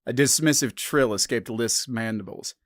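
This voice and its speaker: A man narrating a science-fiction story in a measured, subdued scripted reading. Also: medium pitch, no room sound, studio quality.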